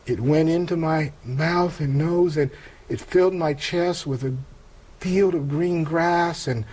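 Older man, slightly high voice, earnest reflective storyteller, halting restarts. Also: darkish tone, poor audio. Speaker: interview guest telling a conversion story. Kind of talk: personal testimony in conversation.

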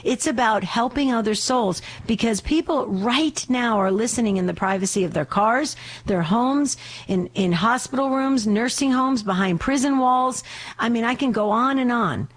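A woman's voice: on the high side, normal speed. A woman hosting a live call-in radio show, talking in a fervent, urgent, pleading way, still getting over a slight cough.

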